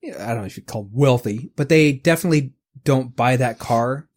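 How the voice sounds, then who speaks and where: With a mid-range, darkish voice, this forties-aged podcast co-host rambles through casual chat, ranting profanely and restarting his sentences quickly.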